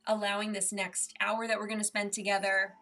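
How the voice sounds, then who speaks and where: A woman's voice: mid-range voice, little pitch movement, a little fast, a bit bright, recorded from a distance, faint music behind. A woman hosting an online wellness workshop, talking in an upbeat, encouraging way and telling a story. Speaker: mental health dietitian hosting a session.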